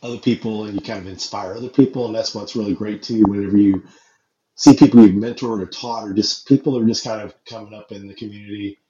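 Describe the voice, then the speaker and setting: A podcast host with a lowish, steady, warm voice talks fast in a casual chat, coming across as easygoing, agreeable and reflective. The recording sounds dull and roomy with faint noise.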